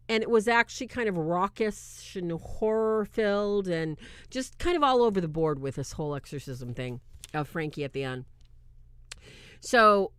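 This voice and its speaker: A woman hosting a casual movie review, talking in an animated, incredulous way and often breaking into laughter. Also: fairly low pitch, no echo, studio quality. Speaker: video host.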